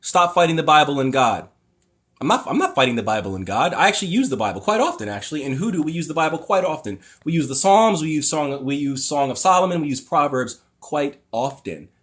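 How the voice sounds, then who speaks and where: A man's voice: on the high side, big pitch swings, quick pace, few pauses. A man hosting a livestream, reading passages aloud and ranting about them with sarcastic, exasperated, profane commentary. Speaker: livestream host. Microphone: phone or webcam mic.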